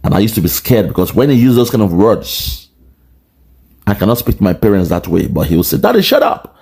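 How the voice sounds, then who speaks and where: A Nigerian-accented man holds forth in a forceful political monologue. His voice sits on the low side, and he drives his points home with repeated rhetorical lines. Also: brisk, slightly rough. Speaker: political commentator.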